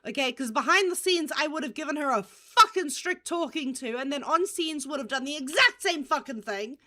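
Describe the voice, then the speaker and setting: A woman with a high, bright voice joins a casual chat as co-host. She is blunt and profane, and quick to agree with her partner. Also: animated.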